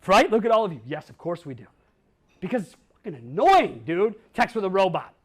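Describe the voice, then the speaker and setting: A man's voice: high-pitched, big pitch swings, a little fast. A man in his forties from Chicago giving a talk to a crowd, brash and blunt, firing off rhetorical questions and slang. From Chicago, USA. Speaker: conference speaker. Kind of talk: energetic storytelling talk.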